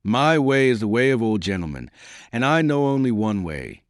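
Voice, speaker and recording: A man reading the lines of a calm, dignified nobleman in an audiobook. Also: medium pitch, moderate pace, no room sound, clean studio sound, natural voice. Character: dignified proud nobleman, calm, middle-aged.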